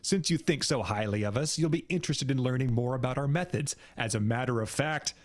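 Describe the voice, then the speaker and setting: Stern, terse terrorist boss, read by a man for a storybook reading, mid pitch. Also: a little fast, dry recording, close to an everyday voice. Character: terse male terrorist leader, commanding.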